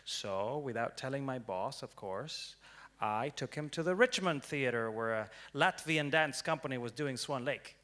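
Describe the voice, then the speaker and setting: A young man giving a prepared storytelling talk on stage, dramatic and swinging from hushed to loud. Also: medium pitch, lively intonation, measured pace. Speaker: speaker. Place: stage before an audience.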